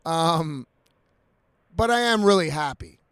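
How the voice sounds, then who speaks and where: A man's voice: on the high side, animated, takes it slowly, a bit bright, clean tone, dry recording. A man ranting profanely in a casual vlog, slightly intoxicated, breaking into laughs. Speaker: vlogger.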